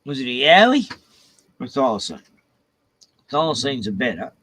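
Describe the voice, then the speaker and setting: A man's voice: medium pitch, sing-song, normal speed, a bit bright, slight background noise, poor audio. A man, hosting a casual, rambling live stream, swearing a lot and chatting to his dogs, with a cough.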